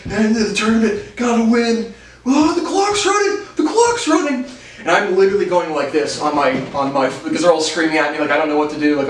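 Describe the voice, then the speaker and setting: A young man telling casual stories with lots of laughs, restarts and fillers. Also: medium pitch. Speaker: podcast host. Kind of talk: casual storytelling. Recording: roomy, distant from the mic.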